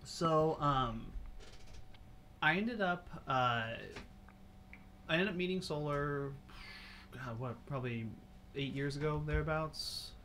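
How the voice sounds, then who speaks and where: A man's voice: fairly high pitch, slow, pauses often, bright, forceful tone, slight background noise. A man from Southern California co-hosting a casual livestream talk show, easygoing and agreeable, often hesitating with fillers. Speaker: co-host.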